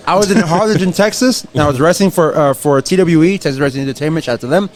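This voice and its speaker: A man's voice: on the high side, fast, few pauses. A man who is a pro wrestler, telling stories animatedly as a podcast guest. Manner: animated storyteller who acts out his taunts. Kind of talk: casual podcast chat.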